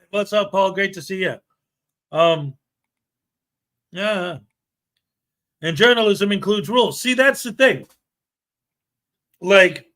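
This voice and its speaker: Bright high-voiced ranting man. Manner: sarcastic, mocking, emphatic. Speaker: show host. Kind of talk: ranting commentary.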